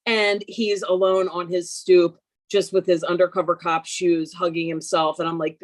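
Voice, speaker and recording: Woman in her 50s on a video call, loud brash funny storyteller, pokes fun at herself. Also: lowish voice, normal speed. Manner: brash, animated, self-mocking. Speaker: workshop participant. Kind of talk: comic storytelling.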